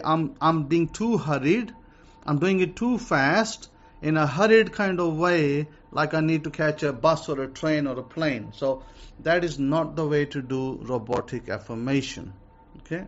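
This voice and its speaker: A man's voice: fairly high pitch, dull audio. Man giving a rambling self-help lesson. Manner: rambling, repeats himself, many fillers. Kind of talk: casual spoken lesson.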